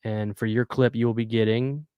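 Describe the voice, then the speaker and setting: A man's voice: mid-range voice, level tone, normal speed, mellow, clear, resonant tone, no echo. A man hosting a casual live stream, earnestly chatting and reading viewer messages aloud. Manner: earnest, talkative, reads chat aloud.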